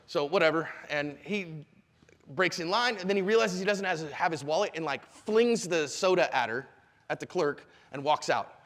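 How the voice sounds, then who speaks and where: High-voiced man teaching in an echoey hall. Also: moderate pace. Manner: animated storyteller, acts out quotes. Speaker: self-defense instructor. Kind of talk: live seminar talk. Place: convention hall.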